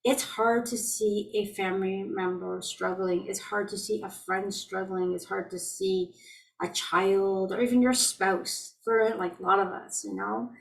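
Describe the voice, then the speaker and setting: A middle-aged woman leading an online group healing call, chatting about everyday frustrations in a gently reassuring, anecdotal way. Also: mid-range voice, steady tone, measured pace, gravelly. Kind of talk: casual spiritual talk to a group. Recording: voice distant from the mic.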